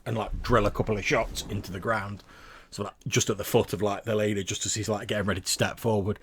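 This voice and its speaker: A man's voice: on the low side, fairly even intonation, fast, slight background noise. A man narrating a tabletop game as game master, rambling with lots of fillers and restarts.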